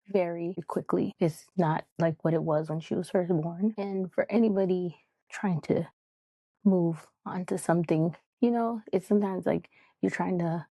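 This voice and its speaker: A woman's voice: fairly low pitch, vocal fry, warm tone, slightly rough, no echo. A woman hosting a podcast, talking in a candid, heartfelt, rambling way with lots of fillers. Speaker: podcast host. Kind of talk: casual podcast monologue.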